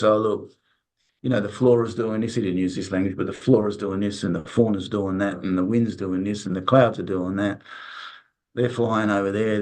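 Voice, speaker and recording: A man talks casually as an interview guest, his voice sitting fairly low. He rambles and restarts often, and he acts out the dialogue he quotes. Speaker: interview guest, resilience consultant.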